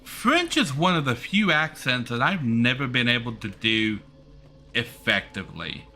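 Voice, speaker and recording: A man's voice: mid-range voice, big pitch swings, measured pace, pushed and bright, a little hiss or hum. A man streaming a game, chatting casually and rambling with many fillers and restarts. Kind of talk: casual chat while gaming.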